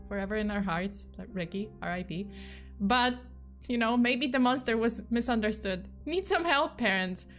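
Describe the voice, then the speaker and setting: A woman's voice: a little high, fairly bright tone. A woman streamer telling a spooky story in a chatty, playful way with lots of fillers.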